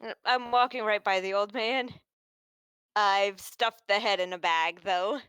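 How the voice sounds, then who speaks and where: A woman's voice: medium pitch, steady tone, a little slow, fairly bright tone, smooth, no room sound. A woman playing a tabletop game, talking casually and matter-of-factly. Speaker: player. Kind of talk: casual chat.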